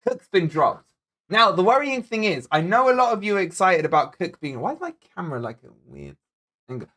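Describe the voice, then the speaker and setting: A man's voice: high voice, lively intonation, a little fast, a bit bright. A man with a Scottish accent, born in Scotland, hosting a live football watch-along in a loose, jokey way and chatting back to viewer comments as he goes. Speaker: football fan channel host.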